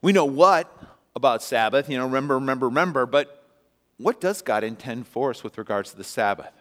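A male pastor preaching a sermon in a church, telling the story with animated, emphatic peaks and asking the congregation to respond. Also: medium pitch, a little fast. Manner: asks the congregation to answer and respond. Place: church sanctuary. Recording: long church-hall reverb.

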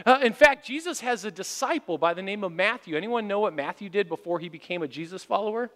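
A man with a strikingly high, bright, forceful voice preaches a sermon from the pulpit. He tells his stories with animation and now and then pushes up to a shout for emphasis. His voice trails off into a long reverb that fills the church sanctuary. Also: expressive, fast. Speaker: pastor.

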